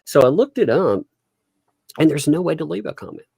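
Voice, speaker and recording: A man's voice: a little high, sing-song, a little fast, creaky, warm tone, husky, no echo, clean studio sound. A man hosting a casual livestream commentary, chatty and laughing often as he talks. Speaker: livestream host.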